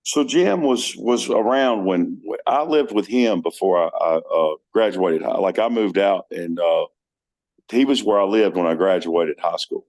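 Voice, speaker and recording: Man, podcast guest, low gravelly voice; earnest, rambling storyteller. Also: measured pace, darkish tone. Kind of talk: casual chat.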